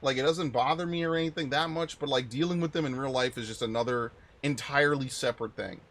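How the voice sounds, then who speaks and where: A young man streaming a video game, chatting casually with viewers and rambling through stories with sudden loud outbursts. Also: mid-range voice, fast talker. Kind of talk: casual live-stream chat while playing.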